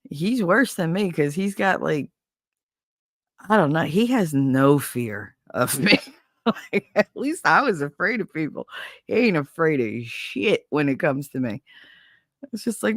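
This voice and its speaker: Woman host, middle-aged, casual chat, lively swooping pitch, dry close sound, laughs often. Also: moderate pace, dry recording. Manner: animated storytelling with laughter and playful swearing.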